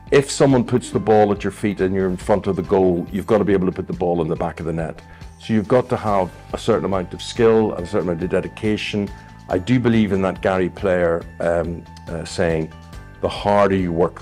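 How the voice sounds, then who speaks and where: A man, telling lively anecdotes as an interview guest. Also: sits low. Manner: animated storyteller, acts out voices in his anecdotes.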